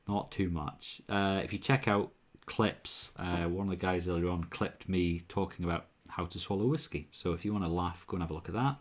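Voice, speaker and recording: Male streamer, deep voice, loose rambling chat, bursts of energy on greetings. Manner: chatty, rambling, jumps louder and higher when greeting viewers. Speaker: livestream host. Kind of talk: casual livestream chat answering viewers.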